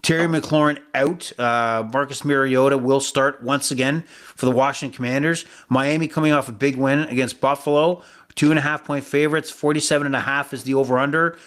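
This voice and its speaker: A man's voice: mid-range voice, steady tone, brisk, fairly bright tone. Man, podcast co-host, casual sports betting talk, rambling, fumbles for names.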